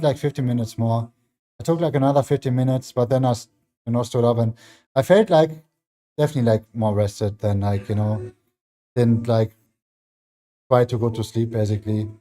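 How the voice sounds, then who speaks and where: A man's voice: mid-range voice, warm tone. A man streaming from his home gym mid-workout, chatting loosely with viewers and filling his speech with "like", a non-native English speaker. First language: not English. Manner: rambling, heavy use of "like" as filler; reads and answers chat messages. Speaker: fitness streamer. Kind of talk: casual livestream chat.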